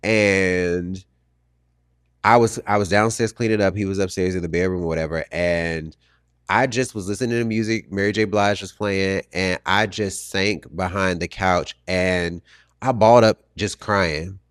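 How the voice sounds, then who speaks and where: A man hosting a podcast, telling a personal story in a reflective, halting way with many restarts and fillers. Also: deep voice, fairly even intonation, clean tone, dry recording, clean studio sound. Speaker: podcast host.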